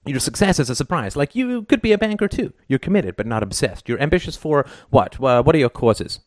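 A man reading an audiobook and voicing a glib, fast-talking male TV producer with cynical sales patter. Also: a little high, very animated, no room sound, clean studio sound, voice pushed up. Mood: brash.

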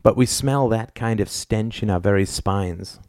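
A man voicing a quiet, despairing woman doctor confessing her guilt in an audiobook. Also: lowish voice, a little slow, dry recording, clean studio sound.

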